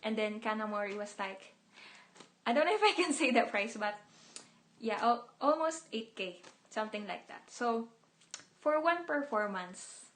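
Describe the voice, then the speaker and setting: A woman's voice: on the high side, animated, moderate pace, fairly bright tone. A young woman idol talking casually on a livestream, emotional and rambling, repeating words and mixing in some Tagalog.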